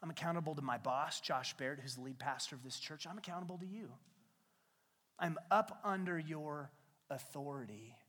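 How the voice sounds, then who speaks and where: A man preaching a sermon as a pastor, retelling scripture as a lively, slangy story. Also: a little high, moderate pace, slightly rough. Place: church sanctuary. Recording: long hall reverb in a church.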